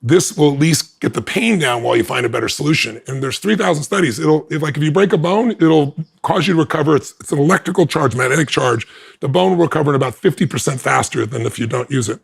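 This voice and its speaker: With a quick pace, vocal fry, and a slightly rough voice, a man on an interview animatedly shares a story about himself. He brings the quoted dialogue to life through big shifts in pitch.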